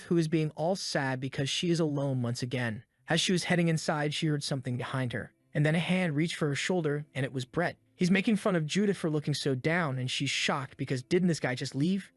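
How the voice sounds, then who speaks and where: A man's voice: on the high side, no room sound. A man narrating a comic story recap in a laid-back, slangy, wry way.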